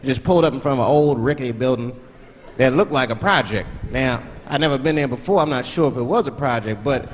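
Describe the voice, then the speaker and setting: A stand-up comedian from Washington, D.C., telling stories and slipping into character voices. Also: male voice, mid-range voice, fast, long reverb tail. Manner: animated storytelling, slipping into voices. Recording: live club, crowd laughter and noise. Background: audience laughter.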